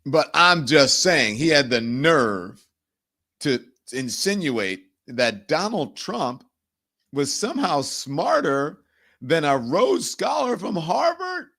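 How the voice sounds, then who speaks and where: A man hosting a political commentary show, incredulous and animated, often laughing between remarks. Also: fairly high pitch, slow pace, vocal fry. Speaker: host.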